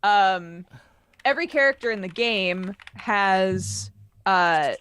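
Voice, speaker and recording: A woman co-hosting a podcast, chatting casually about games as an animated, laughing storyteller who swears freely. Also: mid-range voice, slow pace, clear, resonant tone. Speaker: podcast co-host.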